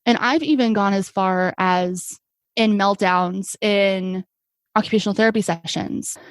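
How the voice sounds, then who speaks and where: A woman's voice: medium pitch, measured pace, dry recording. A young adult woman, an occupational therapist, telling stories in an earnest, reflective way with many fillers. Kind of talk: conversational podcast interview.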